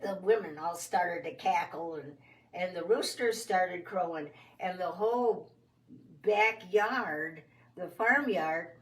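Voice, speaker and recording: A woman telling a children's story in a folksy, expressive first-person way. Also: on the low side, slow pace, recorded from a distance. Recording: roomy sound from off the mic.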